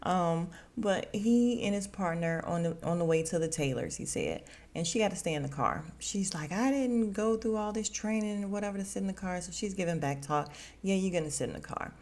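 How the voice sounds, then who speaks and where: A woman's voice: on the low side, a little fast. A woman podcast host casually recapping a TV episode, acting out the characters' lines as she goes. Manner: animated retelling, voicing characters' lines.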